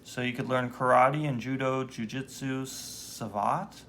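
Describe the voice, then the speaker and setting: A man with a mid-range voice co-hosting a comics podcast. He reads the captions aloud with dry asides, in a relaxed, casual way. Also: mid-range voice, measured pace, a little hiss or hum. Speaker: podcast co-host.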